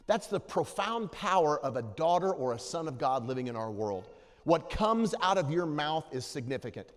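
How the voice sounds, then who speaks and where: Male guest preacher, animated sermon delivery, echoing sanctuary. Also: on the high side. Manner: animated, swings from hushed storytelling to loud exhortation. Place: church sanctuary. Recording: long hall reverb.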